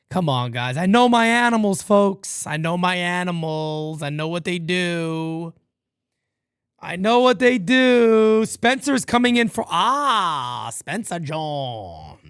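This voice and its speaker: Animated man doing fan play-by-play. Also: on the high side, no echo, clean studio sound. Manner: animated, rambling, swears casually. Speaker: livestream host. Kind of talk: live fan play-by-play commentary.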